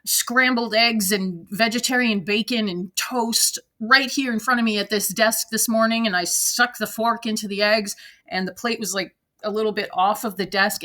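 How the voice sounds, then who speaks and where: Host, woman, 40s–50s, reads posts then rants bluntly from her desk; crisp, bright tone. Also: medium pitch. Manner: blunt, profane, laughing rants. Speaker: reaction video host. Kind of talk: reading and reacting to online posts. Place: at a desk at home.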